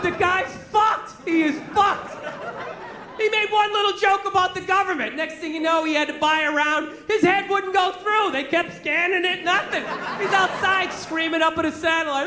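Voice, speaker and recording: A man's voice: very high-pitched, normal speed. A man doing a stand-up comedy set, ranting in a profane, exasperated way. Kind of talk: stand-up rant. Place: comedy club stage. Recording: echoey club with crowd and noise.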